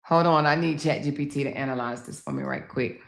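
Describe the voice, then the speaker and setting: A woman's voice: extremely low pitch, fairly quick, gravelly. A woman hosting a casual livestream, talking straight to her viewers and laughing easily. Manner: chatty, addresses viewers directly. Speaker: livestream host.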